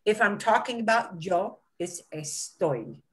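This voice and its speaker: A woman teaching a beginner Spanish lesson, slowing down to stress words and checking in with "okay?" often. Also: mid-range voice, very animated.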